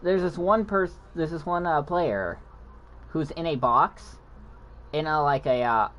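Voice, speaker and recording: A man's voice: a little high, unhurried, fairly bright tone. A man who stutters, telling a casual gaming story with frequent restarts, mumbles and backtracking. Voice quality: stutters, mumbles when explaining. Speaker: gaming channel host.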